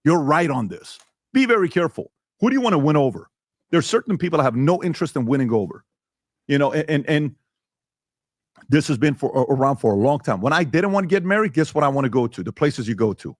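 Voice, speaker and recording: A man's voice: medium pitch, lively intonation, quick pace, no room sound, clean studio sound. A male podcast host in a heated debate, talking emphatically and firing rhetorical questions.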